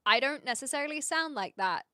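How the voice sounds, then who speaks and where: A woman's voice: high-pitched, animated, a little fast, sharp tone, no room sound, clean studio sound. A woman from New Zealand with a rounded New Zealand accent, chatting casually on a live stream as she reacts to videos, curious and laughing often, with casual swearing.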